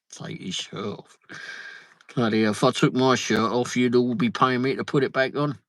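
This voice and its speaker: Chatting casually on a travel livestream from a vehicle, a man with a mid-range, slightly bright voice talks at normal speed. He reads out viewer comments and mutters asides, and the audio is dry and rough.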